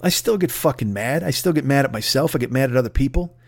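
A man's voice: medium pitch, expressive, quick pace, creaky. A man hosting a podcast, delivering a profane, digressive comedic rant. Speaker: podcast host.

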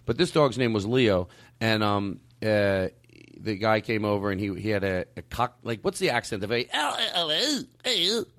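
A man's voice: on the low side, moderate pace. A man hosting a casual comedy podcast chat, playful and jumping into silly voices. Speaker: podcast host.

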